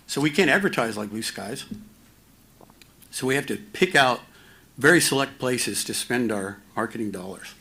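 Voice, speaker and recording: A man presenting finance slides at a community town hall, halting with many fillers and restarts and a dry, self-mocking humor. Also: mid-range voice, animated, bright, forceful tone.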